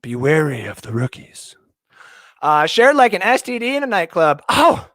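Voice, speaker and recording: A young man from Canada runs a casual livestream from his basement, reading viewers' comments in a jokey, rambling style. His voice is on the high side, sing-song, and a bit bright at normal speed, recorded echo-free at studio quality.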